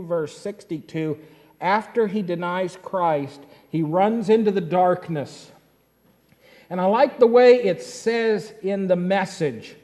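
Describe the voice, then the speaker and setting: A male pastor, preaching a sermon as dramatic storytelling that swings between loud and hushed. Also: sits high, big-room sound. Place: church sanctuary.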